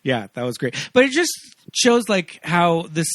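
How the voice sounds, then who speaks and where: A man co-hosting a casual movie podcast, animated and laughing often as he acts out scenes. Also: fairly high pitch, measured pace, dry recording, studio quality. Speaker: podcast co-host. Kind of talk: casual chat.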